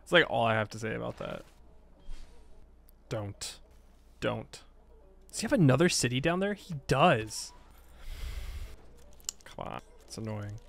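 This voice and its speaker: Chatty self-mocking gamer man, lively pitch. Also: unhurried, creaky, long pauses. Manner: chatty, self-mocking, talks back at the game. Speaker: strategy game streamer. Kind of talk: casual Let's Play commentary.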